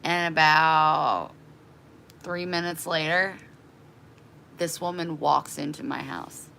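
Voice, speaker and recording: A woman vlogger telling a story in a casual, animated and exasperated way to her live chat. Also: sits low, slow, gravelly, a little hiss or hum.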